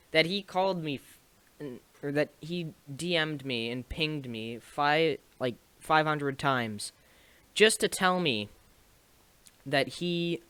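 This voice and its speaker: A young man recounts a story to his viewers in an unhurried, rambling way, restarting sentences and laughing a little. His voice is bright and clean. The sound is dry and close. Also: on the high side, clean tone, no room sound. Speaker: streamer and video maker. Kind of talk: casual storytelling to camera.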